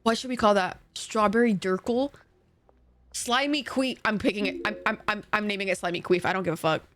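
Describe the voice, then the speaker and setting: A young woman streams a game while chatting casually with a co-op partner, joking crudely and swearing freely. Her medium-pitched voice is fairly bright in tone and fairly quick.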